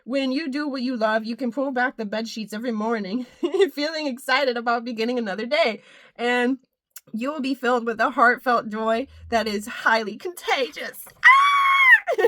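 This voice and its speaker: A woman with a fairly high, bright voice gives an upbeat spiritual pep talk. She laughs often, breaks into squeals and runs her phrases together in rhythmic, repeating lists. The sound is close and dry. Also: moderate pace, no echo. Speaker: spiritual channel and motivational speaker.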